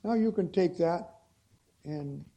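A man preaching a sermon-style Bible study, reading texts slowly and deliberately, then pressing key phrases with emphasis. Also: sits high, dark tone.

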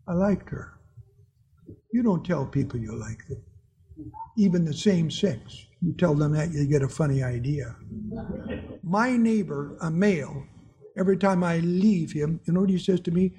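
A man's voice: on the high side, measured pace, mellow, husky. A man preaching a sermon to his congregation, telling personal stories in an earnest way and chuckling at his own anecdotes.

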